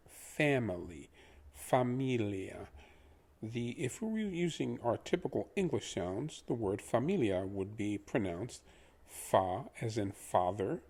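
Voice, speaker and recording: A man teaching pronunciation in a patient lesson, repeating each word slowly for the listener to copy. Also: lowish voice, darkish tone, slightly rough. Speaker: language teacher.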